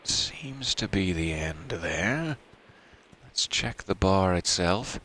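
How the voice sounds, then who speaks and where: A man's voice: deep voice, lively intonation, slow, bright, forceful tone, a little hiss or hum, poor audio. A man hosting a let's play, reading the game's text aloud and adding dry, self-mocking asides.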